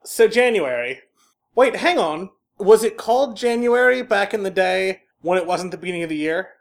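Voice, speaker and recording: In relaxed podcast banter, this mid-range-voiced woman co-host sounds energetic and breaks into laughter readily.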